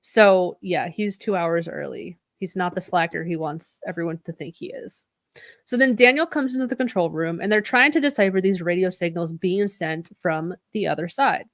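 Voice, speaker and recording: With a fairly low pitch and normal speed, a woman co-hosts a podcast, chatting casually through an episode recap. She swears freely and acts out what the characters say, in a dry recording.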